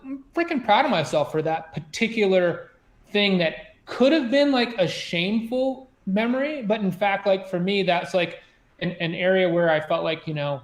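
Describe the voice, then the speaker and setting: A man's voice: high-pitched, roomy sound. A man, a former submarine officer, telling a story in a chatty way, full of "you know" and "like" and many restarts. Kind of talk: conversational storytelling.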